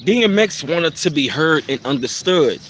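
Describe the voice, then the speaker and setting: A man's voice: fairly high pitch, lively intonation, moderate pace, a bit bright, slight background noise. A man hosting a casual live stream, speaking in a loose, reflective way with plenty of fillers and repeated phrases.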